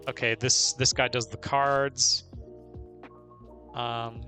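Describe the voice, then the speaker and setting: Male streamer, bright, forceful voice, chatty play-by-play with frequent laughs. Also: mid-range voice, flat delivery, slow pace, soft background music. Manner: chatty, laughs often, narrates own moves. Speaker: game streamer. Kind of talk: casual live gameplay commentary.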